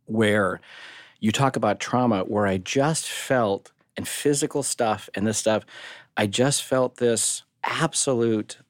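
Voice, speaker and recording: A man co-hosting a podcast, telling a personal story in an animated, casual way, jumping high in pitch when he acts out what people said and swearing freely. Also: slow, dry recording, clean studio sound. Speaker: podcast co-host.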